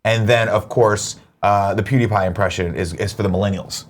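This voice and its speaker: A man's voice: on the low side, fairly even intonation, brisk. A man co-hosting a casual comedy morning show, joking and sarcastic and swearing freely.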